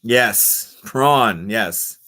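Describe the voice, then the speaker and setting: This man speaks very slowly, his fairly low voice pushed and bright. During a casual livestream at home, he reads comments playfully and laughs often, wearing a wireless clip-on mic.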